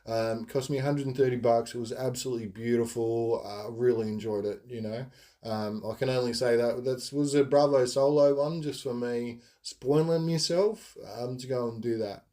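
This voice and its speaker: A man's voice: mid-range voice, steady tone, moderate pace, mellow. A man telling rambling stories in a casual monologue, full of ums and giggles. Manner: rambling, giggly, lots of fillers. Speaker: podcast host.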